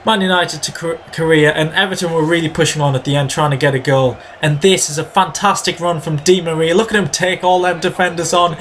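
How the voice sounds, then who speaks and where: A man hosting a gaming video, giving chatty play-by-play of his own match and breaking into excited shouts when goals go in. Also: on the high side, moderate pace, few pauses, a little hiss or hum. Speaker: gaming channel host. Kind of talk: video game commentary.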